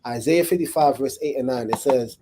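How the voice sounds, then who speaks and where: Brisk and dark-toned, with a medium pitch, a man gives a conversational sermon from the Bible to a small live group in a room, and there's a little hiss or hum. He stays casual, frequently checking in and asking "right?".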